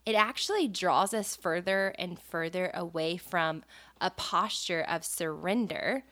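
A woman's voice: lowish voice, unhurried, a bit bright. A young woman co-hosting a faith podcast, telling stories in an earnest, casual way with many "like" fillers. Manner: storytelling, earnest, frequent "like" fillers. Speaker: podcast co-host.

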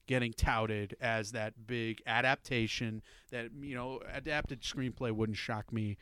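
A man's voice: medium pitch, steady tone, a bit bright, clear, resonant tone, no echo. A man guesting on a film podcast, giving opinionated, wry takes in casual chat. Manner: opinionated, wry, quick asides.

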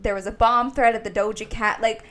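A woman's voice: fairly high pitch, flat delivery, brisk, fairly bright tone. A young woman from Indianapolis, co-hosting a podcast and telling a long story in casual chat, full of "like". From Indianapolis, USA. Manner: rambling storytelling, heavy use of "like". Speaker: podcast co-host.

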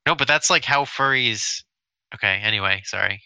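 A man co-hosting a casual chat, rambling and stumbling over his words when he gets excited. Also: medium pitch, normal speed, creaky, smooth, no echo, low-quality recording. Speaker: podcast co-host.

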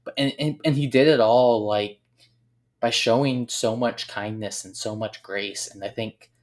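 A man telling a heartfelt personal story about a late teammate, earnest and reflective, often pausing and searching for words. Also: medium pitch, steady tone. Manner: earnest, reflective, halting with frequent pauses. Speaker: speaker remembering a late teammate.

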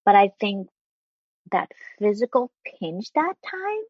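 A woman with a husky, slightly breathy voice shares a personal story in an earnest, heartfelt way, stopping and restarting now and then. The sound is dry and close, on a dull, lo-fi recording. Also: medium pitch, big pitch swings, takes it slowly, no room sound. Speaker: interview guest. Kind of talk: candid personal storytelling in conversation.

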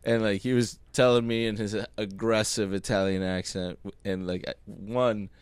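A young man with a lowish voice chats casually on a podcast. His tone is smooth and laid-back, and he chuckles through his remarks. The recording is dry and close. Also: fairly even intonation, normal speed, no echo. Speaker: podcast co-host. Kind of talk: casual chat.

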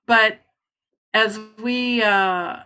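A woman's voice: medium pitch, steady tone, extremely slow, sharp tone, a little hiss or hum. A woman in a casual movie-review chat, speaking thoughtfully and hesitantly, often restarting sentences.

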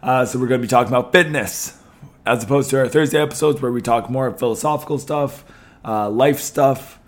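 Slightly hoarse man hosting a podcast. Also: mid-range voice, a little fast. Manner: chatty, many ums and restarts. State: losing his voice a little. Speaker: podcast host. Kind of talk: casual podcast talk.

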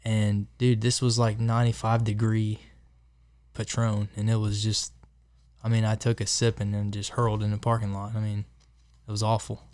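A man with a fairly low voice chatting easily on a podcast in a studio. He tells his story loosely and casually to the friends around the table. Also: completely flat delivery, normal speed, darkish tone. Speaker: podcast guest.

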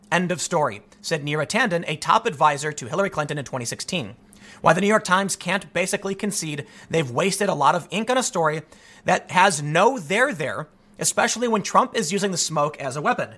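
Bright, lively-pitched male political commentator. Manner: sarcastic, emphatic, reads quotes aloud. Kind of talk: solo commentary monologue.

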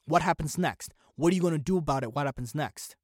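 A man's voice: on the high side, quick pace, no room sound, clean studio sound. A man hosting a solo commentary podcast, opinionated and sarcastic, firing off one rhetorical question after another. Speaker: podcast host.

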